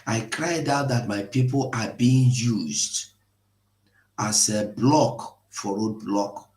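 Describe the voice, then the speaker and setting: A man hosting an impassioned live broadcast, pleading and emotional, at times rising to shouts. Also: lowish voice, slow. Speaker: online broadcast host. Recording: echoey room.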